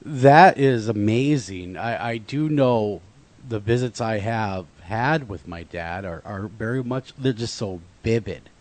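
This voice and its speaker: A male radio host talking in an interview in a halting, heartfelt way. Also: on the low side, lively intonation, darkish tone. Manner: halting, heartfelt, with many restarts.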